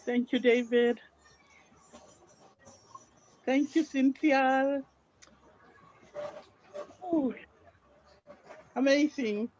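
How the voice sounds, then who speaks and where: A woman's voice: high-pitched, steady tone, very slow, pauses often, darkish tone, highs cut off. A middle-aged woman from Guinea, speaking, gives an earnest, heartfelt personal testimony on an online call. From Papua New Guinea. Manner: heartfelt and earnest, fervently religious. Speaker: team member sharing her story.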